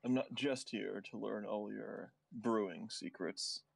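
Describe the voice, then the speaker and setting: A man playing his character in a tabletop game, speaking in a measured, formal way. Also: on the low side, gravelly, slight background noise. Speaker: player.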